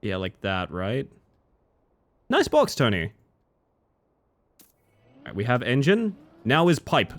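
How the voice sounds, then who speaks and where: A man live-streaming a game, reading chat aloud and joking, swinging between excited yelps and low mutters. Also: slow pace, pauses often. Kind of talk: casual live-stream chat while gaming.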